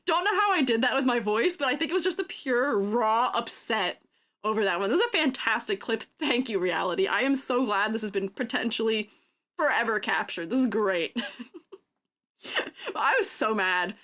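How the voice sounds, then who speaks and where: High, lively young woman streamer. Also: moderate pace. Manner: giggly, bursts into silly yells and sound-effect noises. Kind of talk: casual stream chat.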